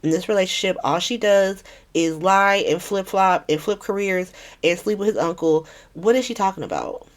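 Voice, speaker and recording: A woman hosts a podcast recapping a soap opera, chatty and profane, acting out the characters' lines in shifting voices. She speaks at medium pitch and normal speed.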